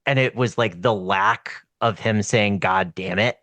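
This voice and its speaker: A man from the American South in casual chat, telling stories in a relaxed, drawn-out way. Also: lowish voice, dry recording.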